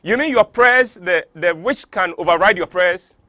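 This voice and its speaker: A man's voice: sits high, normal speed, sharp tone, no echo. A man from Ghana with a Ghanaian English accent hosting a talk show, delivering an impassioned monologue full of rhetorical questions. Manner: preachy, fires off rhetorical questions; gets worked up.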